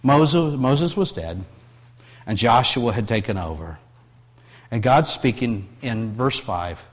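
A middle-aged male pastor preaching a sermon, often repeating words and restarting phrases, moving between hushed, tender passages and raised, emphatic scripture reading. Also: medium pitch, lively intonation, slow pace, long reverb tail.

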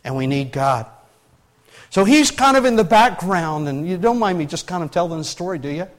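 A man's voice: high-pitched, animated, moderate pace. A male pastor preaching a conversational sermon in a folksy way, often asking the congregation rhetorical questions.

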